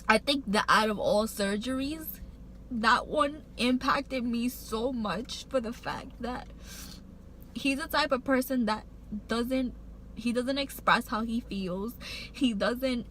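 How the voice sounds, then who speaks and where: A woman's voice: on the high side, slow pace, sharp tone, low-quality recording. Woman vlogging a personal story, rambly, lots of "like", gets emotional, bit of faint hiss behind. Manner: rambling, heartfelt, many "like" fillers and restarts; emotional, getting choked up while recounting.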